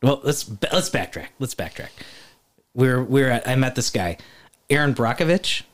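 Animated man telling a story. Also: medium pitch, moderate pace. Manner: animated storyteller, swears often, acts out voices. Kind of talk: casual chat, storytelling.

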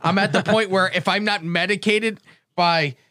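A man's voice: sits high, fairly even intonation, normal speed, sharp tone, dry recording, studio quality. A man who does stand-up and radio, telling a rambling story in casual podcast chat, swearing as he goes. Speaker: podcast host and stand-up comic.

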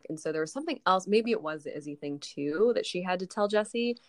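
A woman's voice: lowish voice, animated, fairly quick, a little mellow, no echo. A woman recapping an episode in casual podcast chat, rambling with lots of "like" and frequent swearing.

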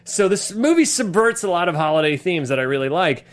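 A man's voice: high voice, animated, a little fast. A man hosting a podcast, rambling and swearing casually as he chats about a film. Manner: rambling, swears often, laughs a lot. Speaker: podcast host. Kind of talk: casual comedic chat about films.

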